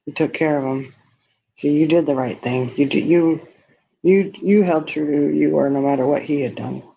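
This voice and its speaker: A man's voice: a little high, normal speed, gravelly, warm tone, breathy edge. A man hosting a casual livestream, reading viewer comments and talking bluntly and candidly, often laughing at his own remarks. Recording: dull lo-fi stream audio.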